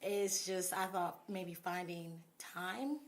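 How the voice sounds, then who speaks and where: A woman guest on a podcast, talking in an easygoing, casual way and laughing loudly. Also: fairly low pitch, takes it slowly. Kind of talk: casual chat.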